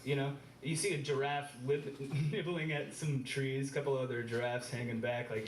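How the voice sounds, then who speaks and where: A man performing a stand-up comedy set with deadpan, absurd one-liners on a club stage. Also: medium pitch, moderate pace, recorded from a distance, slight background noise. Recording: roomy live club recording with loud ambience.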